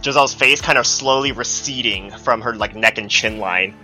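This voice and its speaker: A man's voice: medium pitch, moderate pace, sharp tone, soft background music. A man narrating as game master of a tabletop role-playing game, loose and full of fillers. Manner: loose, filler-heavy narration, swears casually.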